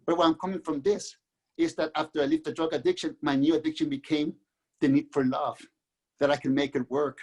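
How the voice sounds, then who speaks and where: A middle-aged man from Mexico, a guest author, telling his own life story in an earnest, halting way with many restarts. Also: on the high side, little pitch movement, darkish tone. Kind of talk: candid personal storytelling.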